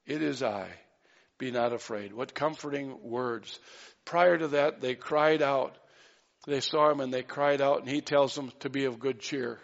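A man's voice: medium pitch, steady tone, a little slow, gravelly, muffled recording. A man preaching a sermon in an earnest way, with light asides and acted-out quotes. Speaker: pastor.

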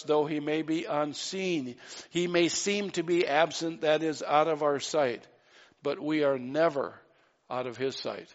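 A man's voice: fairly high pitch, vocal fry, muffled recording. A man preaching a sermon in an earnest way, with light asides and acted-out quotes. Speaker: pastor.

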